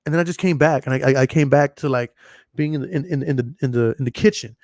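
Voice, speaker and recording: A man's voice: mid-range voice, quick pace, a little mellow, no echo, studio quality. A man hosting a podcast, telling a long story in a rambling, profane way and repeating himself. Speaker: podcast host. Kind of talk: casual storytelling monologue.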